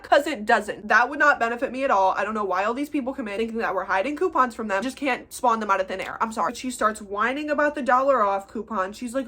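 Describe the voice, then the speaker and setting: Teen girl vlogger, chatty, exasperated, lots of filler words, slightly high voice. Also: bright, forceful tone. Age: teens. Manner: mocks customers in put-on voices. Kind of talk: casual storytime vlog.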